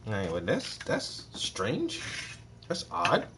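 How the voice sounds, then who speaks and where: A man's voice: mid-range voice, slow pace, vocal fry, noisy background. Rambling, profane male host. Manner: rambling, profane, animated storytelling. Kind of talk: casual chat.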